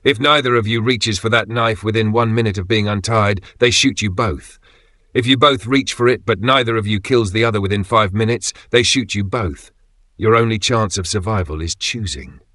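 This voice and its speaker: A man reading the lines of a cold, vengeful woman in a dark narrated story, delivering measured threats. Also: on the low side, dry recording, lightly acted.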